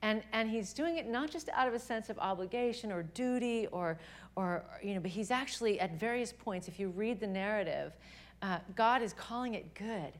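A young adult woman giving an earnest, animated faith talk to a live audience at a women's gathering, often restarting her sentences. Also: mid-range voice, normal speed.

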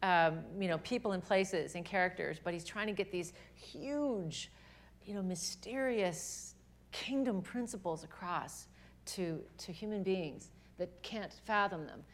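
In a fairly low voice and at a slightly slow pace, a young woman shares an earnest faith message with a live audience of women. She is animated and tends to restart her sentences.

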